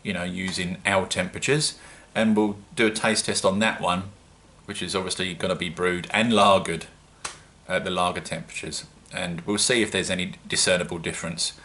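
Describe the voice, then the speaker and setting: A man with a British accent talks to his viewers in a loose, rambling vlog. His voice sits low yet comes across bright and forward, and he pokes fun at himself as he chats. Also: steady tone, normal speed. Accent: British English. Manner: chatty, rambling, self-mocking. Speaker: home-brewing vlogger. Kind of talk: casual solo vlog.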